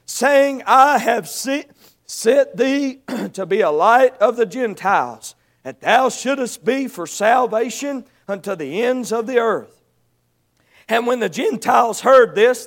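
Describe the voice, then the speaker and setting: A man with a very high voice preaches a sermon. He rises into loud shouted exhortation, then drops to soft, pleading appeals. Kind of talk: evangelistic sermon.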